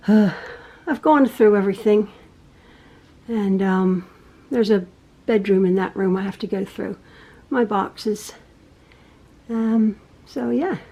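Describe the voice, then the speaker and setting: A middle-aged woman who hosts a quilting channel, chatting casually and rambling through her home with soft sighs and laughs. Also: mid-range voice, takes it slowly, pauses often. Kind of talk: casual vlog chat. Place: home, indoors.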